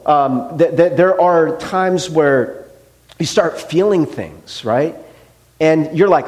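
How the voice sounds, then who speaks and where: A middle-aged man preaching a casual sermon as a pastor, conversational with frequent fillers and acted-out quotes. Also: fairly high pitch. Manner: conversational, animated, many "like" and "right?" fillers, acts out quotes.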